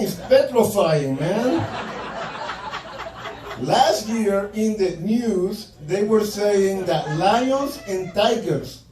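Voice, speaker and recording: A man's voice: high voice, lively intonation, very slow, background noise. A male stand-up comedian doing a profane, punchy set and acting out quotes from his stories. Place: comedy club stage. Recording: roomy club sound from far off, loud crowd laughter. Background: audience laughing.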